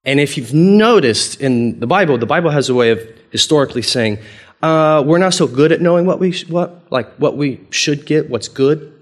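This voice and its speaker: A man preaching a sermon as pastor, conversational and playful, acting out quoted dialogue with big swings in voice. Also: normal speed. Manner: animated, acts out quoted dialogue with big pitch jumps; conversational, playful, chuckles often.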